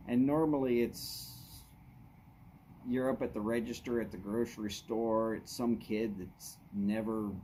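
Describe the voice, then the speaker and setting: A man's voice: fairly low pitch, fairly even intonation, unhurried, warm tone, a little hiss or hum. A man, casually chatting with viewers on his live stream, greeting them by name in an easy drawl. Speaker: livestream host. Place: outdoors at his house.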